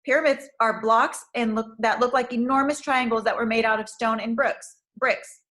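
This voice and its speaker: Higher-voiced woman reading a storybook aloud. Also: steady tone, moderate pace, fairly bright tone, rough recording. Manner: clear, careful read-aloud pacing. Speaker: teacher.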